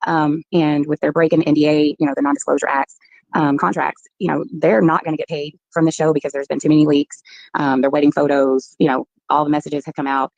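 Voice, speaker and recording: A woman's voice: deep voice, level tone, fairly quick, creaky, a little mellow, dry recording, muffled recording. A woman talking at length as an interview guest, rambling with many fillers.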